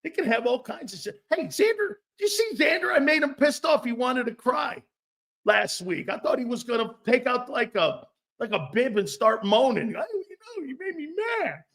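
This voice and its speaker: A man hosting a sports talk stream, brash and profane, reading chat comments and firing back with loud outbursts and mocking asides. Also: very high-pitched, expressive, normal speed, creaky. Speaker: sports talk show host.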